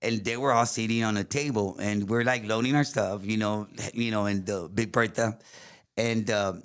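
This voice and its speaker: Animated man telling stories. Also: fairly low pitch, normal speed, smooth. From South Texas. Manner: animated, switches between English and Spanish, laughs often. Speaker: guest musician. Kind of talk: casual storytelling.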